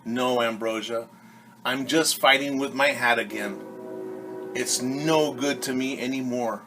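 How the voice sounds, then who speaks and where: A man's voice: medium pitch, fairly even intonation, measured pace, pushed and bright, a little hiss or hum, rough recording. A man voicing a grumpy old man who scolds his worn-out hat in a children's storybook read-aloud. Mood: grumbling.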